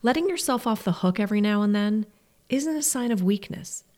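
A woman's voice: mid-range voice, expressive, fairly quick, a little mellow. A woman hosting a podcast, speaking in an earnest, reflective and encouraging way in a scripted monologue. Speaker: podcast host.

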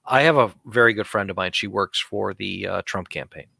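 Fired-up guy ranting on a talk show, bright forceful voice, dry close mic. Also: lowish voice, a little fast, creaky, no room sound. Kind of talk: heated political chat.

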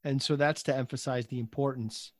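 In a dry recording, a man with a mid-range voice and steady tone talks a little fast. He hosts a conversational podcast interview, musing out loud and putting the guest's points into his own words.

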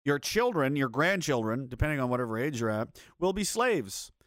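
A man's voice: mid-range voice, sing-song, fairly quick, fairly bright tone, no room sound, clean studio sound. A man hosting a livestream, ranting in a heated, profane, sarcastic way and reading chat messages aloud. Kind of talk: angry political rant on a livestream.

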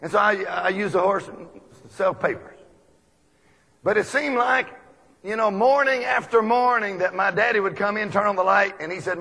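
A man from Texas, preaching a folksy storytelling sermon full of animated anecdotes. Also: sits high, normal speed, creaky. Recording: long echoey hall reverb.

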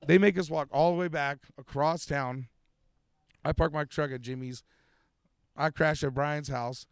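A man's voice: a little high, unhurried, smooth, no echo, clean studio sound. A man telling a wild story in casual podcast chat, rambling and swearing, full of "like" and "dude". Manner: profane, rambling, animated storytelling with lots of "like" and "dude". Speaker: storyteller guest.

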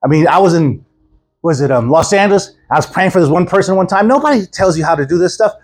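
A man preaching a sermon at a church service, telling stories with animated quoted voices and chuckles. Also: sits high, quick pace, slightly rough. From Houston, Texas. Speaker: guest preacher.

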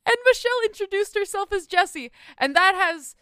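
A woman's voice: extremely high pitch, lively intonation, normal speed, pushed and bright, no echo, studio quality. A woman co-hosting a podcast in casual chat, telling wry stories and teasing her co-host.

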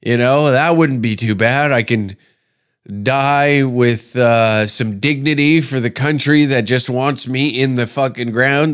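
A man's voice: medium pitch, slow pace, fairly bright tone, smooth. A man hosting a podcast, ranting with heavy swearing and sarcasm in a comedic monologue. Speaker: podcast host. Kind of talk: comedic rant.

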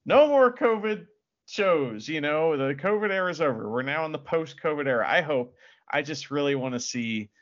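Male co-host, lively swooping delivery, jokey, muffled lo-fi audio. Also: fairly high pitch, moderate pace. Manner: joking, animated, breaks into laughter and shouted crowd impressions. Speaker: podcast co-host. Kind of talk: casual wrestling chat.

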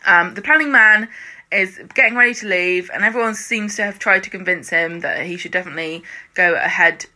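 A woman's voice: lowish voice, bright, forceful tone. A woman co-hosting a podcast, chatting casually and acting out characters' lines as she recaps episodes. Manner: chatty, acts out characters' lines in quick impressions. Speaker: podcast co-host. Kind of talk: casual chat recapping a TV series.

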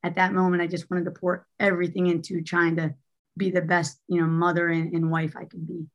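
A woman's voice: fairly low pitch, completely flat delivery, fairly quick, highs cut off. A woman telling a personal story as an interview guest, candid and chatty with lots of fillers. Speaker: guest, former basketball coach.

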